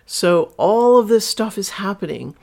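Gravelly woman hosting a candid podcast. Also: medium pitch, expressive, a little slow, a little mellow. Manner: candid, storytelling, emphatic. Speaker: podcast host and sex educator. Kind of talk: solo podcast monologue.

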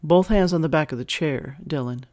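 A man's voice: fairly high pitch, brisk, lightly acted. A cool commanding dominatrix, as a man puts her on. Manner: calm, clipped orders. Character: commanding dominant woman in charge.

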